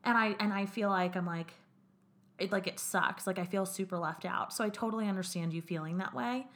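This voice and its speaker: A woman's voice: medium pitch, brisk, a bit bright. A young woman co-hosting a podcast, chatting candidly and swearing as she retells conversations. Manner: candid, swearing, quotes others in run-on retellings. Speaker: podcast co-host. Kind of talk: casual podcast chat.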